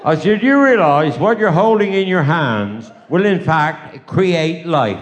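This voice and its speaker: A man's voice: on the high side, animated, measured pace, highs cut off. An older man with a West Country accent telling rambling, bawdy stand-up stories on a live stage, full of "I said, she said.". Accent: West Country English. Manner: rambling bawdy yarn-spinning with repeated "I said, she said". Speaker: stand-up comedian.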